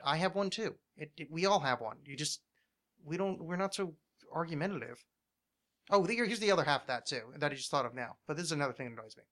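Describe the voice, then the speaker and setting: A man's voice: on the high side, bright, forceful tone. A man hosting a casual podcast, ranting with lots of swearing and restarts. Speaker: podcast host.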